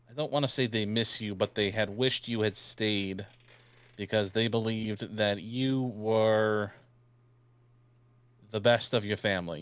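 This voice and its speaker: A man's voice: on the low side, a bit bright, clean tone, no echo. A man role-playing his character in a tabletop game, joking and crude, talking with a put-on New York accent. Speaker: player.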